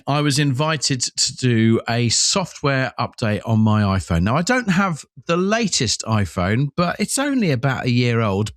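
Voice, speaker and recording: A man's voice: medium pitch, no room sound, studio quality. A man co-hosting a podcast, telling a rambling, self-mocking story in casual chat, with lots of ums. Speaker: podcast co-host.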